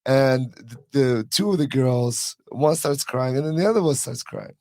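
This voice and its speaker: A man's voice: mid-range voice, normal speed, no echo, studio quality. A man hosting a podcast as a coach, telling stories casually with lots of fillers and restarts. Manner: relaxed storytelling with many fillers and restarts. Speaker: hockey coach and podcast host. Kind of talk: casual conversational interview.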